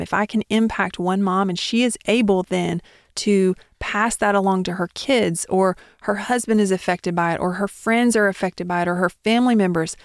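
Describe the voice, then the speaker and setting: Smooth-voiced woman hosting a podcast. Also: medium pitch, dry recording, clean studio sound. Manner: chatty, encouraging, with small laughs. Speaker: podcast host. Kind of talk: solo podcast monologue.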